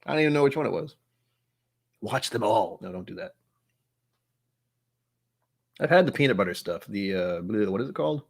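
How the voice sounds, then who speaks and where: Young male host, slightly low voice, loose rambling livestream chat, jokes at his own expense. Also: animated, normal speed, gravelly, pauses often. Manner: rambling, self-mocking, reacts aloud to chat. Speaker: whiskey channel host.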